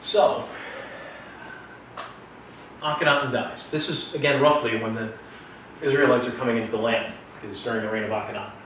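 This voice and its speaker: A man with a medium-pitched, slightly bright voice teaches a Bible history class in a casual, chatty way, drifting into joking asides as students ask questions. He speaks at a moderate pace with fairly even intonation and long pauses. Recorded in a classroom with a live audience, the sound is echoey, distant, and dull, with slight background noise.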